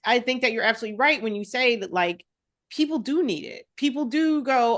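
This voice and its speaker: Woman wellness coach, somewhat high voice, blunt and lively, casual podcast guest. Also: fairly quick. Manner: frank and animated, quotes her clients.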